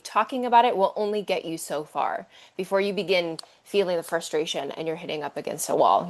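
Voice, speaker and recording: A woman guest on a podcast, explaining ideas about emotions and the body in an animated, chatty way. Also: on the low side. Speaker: therapeutic theatre practitioner, podcast guest. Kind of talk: casual podcast chat.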